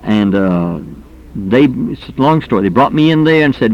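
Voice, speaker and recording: A man's voice: mid-range voice, lively intonation, moderate pace. Male preacher, earnest, emphatic, folksy storytelling, muffled old recording. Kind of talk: sermon on soul winning.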